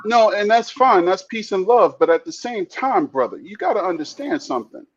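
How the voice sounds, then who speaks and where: A man on a casual talk show who speaks bluntly and with heavy emphasis, swearing freely and repeating words as he builds each point. His voice is a little high and somewhat husky. The recording is dull and lo-fi. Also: sing-song, moderate pace. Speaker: podcast co-host. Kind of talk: heated casual discussion.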